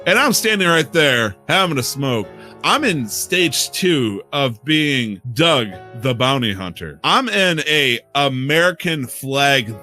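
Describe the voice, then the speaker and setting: A man's voice: medium pitch, expressive, slow pace, sharp tone, faint music behind. A man co-hosting a podcast, telling rambling, profane stories with frequent laughs in a casual chat. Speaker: podcast co-host.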